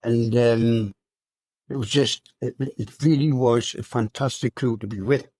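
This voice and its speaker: A hundred-year-old man recounting his wartime memories as an interview guest, speaking in a halting, unhurried way with many fillers. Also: mid-range voice, fairly even intonation, a little mellow, dry recording. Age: 100. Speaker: RAF veteran guest.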